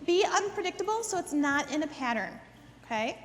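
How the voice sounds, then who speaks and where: A woman's voice: sits high, big pitch swings, fairly quick, long reverb tail, slight background noise. A woman teaching a dog training class. She gives step-by-step instructions, repeats words for emphasis and often checks in with "okay?". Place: indoor dog training facility.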